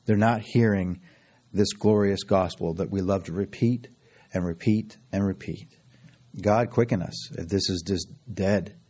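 A man preaching with fervour and frequent chuckles, his voice husky and sitting a little low. He is middle-aged and leans on repetition to drive home each point of the sermon. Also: darkish tone. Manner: fervent, with frequent laughs and repetition.

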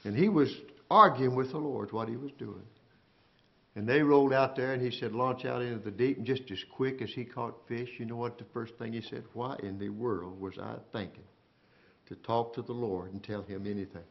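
A man preaching a sermon, swinging from loud, drawn-out cries down to hushed, quiet lines as he speaks to his congregation. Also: medium pitch, creaky, highs cut off. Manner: swings from shouting to near-whisper, calls out to the congregation.

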